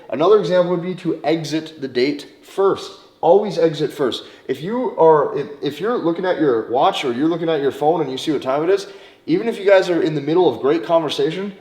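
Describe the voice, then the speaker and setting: A man's voice: fairly high pitch, a little mellow. Emphatic man coaching in an echoey room. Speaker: dating coach. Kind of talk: direct advice monologue. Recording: roomy echo.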